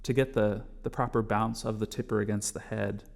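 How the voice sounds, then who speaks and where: A man teaching a bodhrán class, patiently explaining strokes step by step and calling them out loudly as he plays. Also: fairly low pitch, level tone, fairly quick, gravelly. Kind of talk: music lesson, counting along with drumming.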